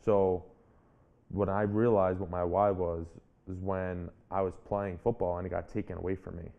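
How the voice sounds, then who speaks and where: Earnest and reflective, this twenty-something author and speaker shares a personal story as an interview guest, frequently starting his phrases over. He speaks at a normal speed in a low, creaky voice with a level tone, heard through phone-quality sound.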